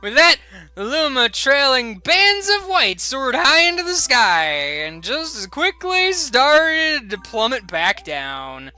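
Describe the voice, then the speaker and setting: A man's voice: extremely high pitch, sing-song, takes it slowly, bright, forceful tone. A man streaming a video game, reading the story text aloud with playful jokes and asides.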